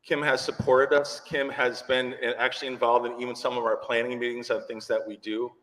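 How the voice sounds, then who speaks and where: A man hosting a conference, introducing the keynote speaker in an excited, joking and nervous way. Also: medium pitch, a little fast. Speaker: conference host. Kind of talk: event introduction. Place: large conference hall. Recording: long hall reverb.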